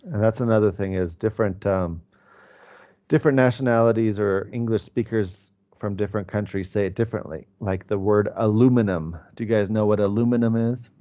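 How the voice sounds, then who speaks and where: A man's voice: lowish voice, fairly even intonation, brisk, warm tone, muffled recording. A male English teacher explaining pronunciation to his class in a conversational way, with fillers.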